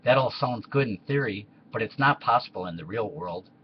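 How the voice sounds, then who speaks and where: A man's voice: on the low side, animated, fairly quick, lo-fi sound, slight background noise, natural voice. A man voicing Tiberius as a blunt, practical Roman ruler in a comedy skit.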